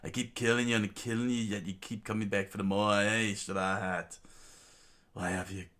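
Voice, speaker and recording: A man's voice: on the low side, flat delivery, moderate pace, a bit bright, lightly acted. A man voicing a scornful, cruel pirate warlord with a sneering, taunting delivery while reading a comic aloud.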